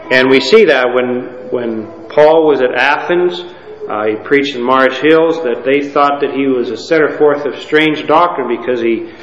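A male pastor in a church sanctuary delivers a sermon at an ordinary pitch, reading scripture and teaching in a measured, halting way. His voice carries a long hall reverb and the sound is muffled and lo-fi. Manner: measured, with frequent pauses and fillers.

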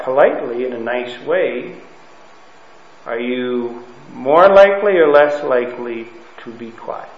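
A man's voice: fairly high pitch, animated, slow. A man teaching a Bible lesson to a class, talking conversationally and often checking in with his listeners. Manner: conversational, keeps checking in with "okay?" and "right?". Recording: roomy, dull lo-fi room recording.

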